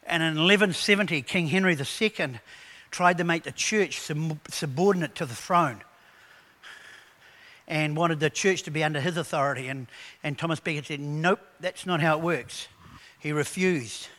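A man preaching a sermon, animated and conversational, telling stories to his congregation. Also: on the high side, normal speed. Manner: animated preaching with acted quotes; conversational storytelling. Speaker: pastor.

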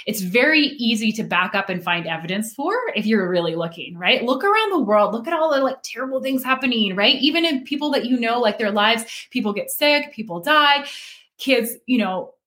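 A woman who is a guest on a casual faith talk show, earnestly sharing her testimony with many fillers and soft laughs. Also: on the high side, lively intonation, brisk. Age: adult with children.

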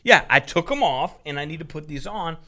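Bright-voiced man telling a story animatedly. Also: a little high, fairly quick. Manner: animated, profane, laughing retelling of a frustrating story. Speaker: storyteller on a talk show. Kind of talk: casual chat.

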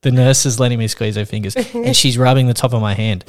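A man spins a rambling anecdote in casual podcast chat. He swears often and slips into lively impressions of the people he quotes. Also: mid-range voice, fast. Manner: animated, swears freely, acts out quoted voices. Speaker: podcast host.

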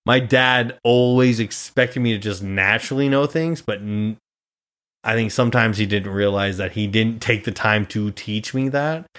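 A man's voice: on the low side, normal speed, a bit bright. A young man from Nebraska, a podcast host, chatting casually and swearing freely as he tells family stories. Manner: swears freely, storytelling with quoted voices. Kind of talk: casual chat.

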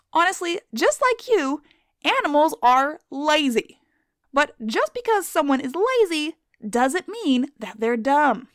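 A woman hosting a scripted, comedic wildlife lesson, theatrical and profane, who spells words out loud. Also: high voice, no room sound, studio quality. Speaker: science video host.

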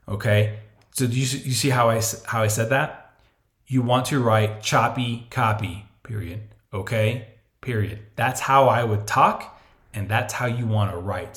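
A man hosting a podcast, giving casual marketing advice and acting out imagined clients in voices. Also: mid-range voice. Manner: animated, chatty, acts out imagined clients in voices. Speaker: podcast host. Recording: echoey room.

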